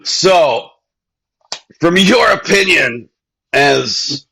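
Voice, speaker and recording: Male podcast host, bright, husky tone, blunt and profane. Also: a little high, lively intonation, extremely slow, poor audio. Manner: blunt, profane, laughing often. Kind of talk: casual chat.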